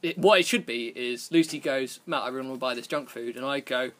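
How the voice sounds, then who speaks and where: A man's voice: medium pitch, fairly quick, fairly bright tone. A man hosting a podcast, telling a rambling, self-deprecating story in casual chat and laughing often. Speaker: podcast host.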